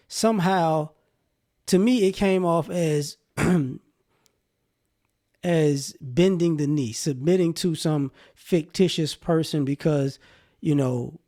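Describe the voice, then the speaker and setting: Southern guy vlogging his thoughts, lots of "you know", gravelly fry in his voice. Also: fairly high pitch, warm tone. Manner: rambling, conversational, many fillers. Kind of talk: casual opinion monologue.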